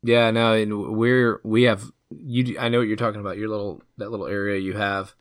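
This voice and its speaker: A man's voice: lowish voice, level tone, brisk, no echo, clean studio sound. A man co-hosting a casual podcast, chatty and joking, often trailing off and restarting his sentences. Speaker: podcast co-host. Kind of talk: casual chat.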